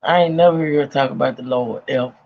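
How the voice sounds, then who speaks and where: A co-host on a livestream who talks in a slow, teasing drawl and keeps breaking into laughter. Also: mid-range voice, vocal fry, dull audio.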